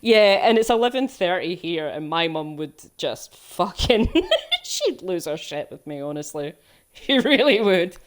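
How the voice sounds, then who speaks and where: A woman's voice: fairly low pitch, lively intonation, unhurried. A young woman streaming a game, chatting casually, laughing often and swearing freely. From United Kingdom. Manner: laughs a lot, swears freely, rambling banter. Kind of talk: casual let's play commentary.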